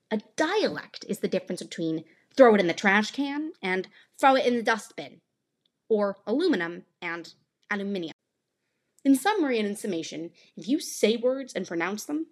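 A woman in her late teens hosting a podcast, delivering a scripted monologue with playful, teasing asides. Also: mid-range voice. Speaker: podcast host.

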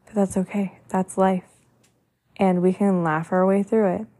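A woman's voice: medium pitch, fairly even intonation, unhurried, mellow. A woman hosting a podcast, giving a heartfelt motivational monologue in an earnest way, stacking long lists and often saying "like". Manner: earnest, repetitive lists, frequent "like" fillers. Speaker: podcast host.

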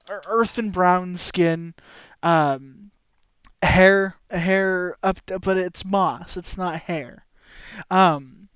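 A man's voice: high-pitched, a bit bright, smooth, no echo. A man narrating a tabletop game as game master, describing scenes with many hesitant ums. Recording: slightly dull dry audio.

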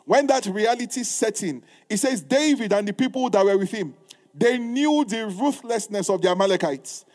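Emphatic male preacher with a high voice; reads old-style scripture and drives points home with repetition. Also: lively intonation, normal speed, a little mellow. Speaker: pastor. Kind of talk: sermon.

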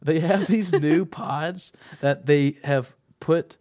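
A man's voice: a little high, darkish tone. A young man co-hosting a podcast, joking and rambling in casual chat. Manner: joking, rambling, quick to laugh. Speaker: podcast co-host.

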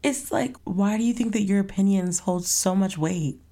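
A woman's voice: mid-range voice, moderate pace, dark tone. A young woman hosting her own podcast in a casual solo chat, rambling playfully and tossing in sassy asides. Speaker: podcast host.

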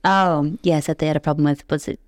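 A woman's voice: sits low, steady tone, quick pace. A British woman co-hosting a podcast, chatting casually and laughing often. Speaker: podcast co-host. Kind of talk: casual chat.

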